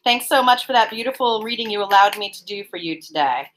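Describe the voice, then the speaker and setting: A woman's voice: mid-range voice, lively intonation, quick pace, a bit bright, slight background noise, poor audio. A woman hosting a casual live-streamed card reading from her apartment, chatty and giggly, calling out viewers by name. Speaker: tarot card reader and live-stream host.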